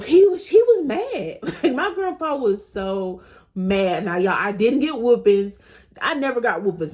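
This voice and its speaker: A woman's voice: medium pitch, a little mellow. Woman in her thirties, casual storytime vlogger, chatty, talks straight to viewers, laughs through her story.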